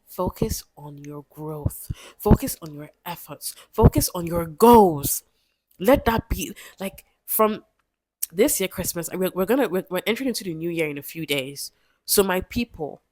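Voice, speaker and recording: A young woman talks straight to camera in a casual motivational vlog. Her voice sits on the low side, and she repeats her points with pleading, emphatic encouragement. The sound is dry, with no room around it. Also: a little mellow, dry recording. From Nigeria. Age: 20s. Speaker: vlogger.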